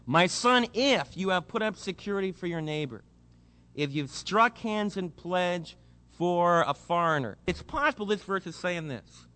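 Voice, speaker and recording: A man's voice: high-pitched, measured pace. A man preaching a sermon, explaining scripture and acting out the voices of people in his congregation. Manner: animated, acts out quoted voices, speeds up when excited. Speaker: pastor.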